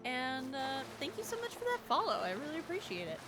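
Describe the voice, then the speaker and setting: A woman's voice: high-pitched, wildly swooping pitch, a little fast, music in the background. A young woman with a Southern US accent, chatting casually and bubbly while streaming a game, laughing easily. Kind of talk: casual livestream chat while gaming.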